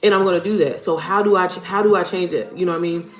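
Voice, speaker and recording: Speaking with a fairly low pitch and fairly even intonation, this livestream host talks at a quick pace. She's a mom business coach, blunt and chatty, tossing out casual swears and addressing her audience as "y'all." It's relaxed livestream chatter recorded in a roomy home setup with faint music playing.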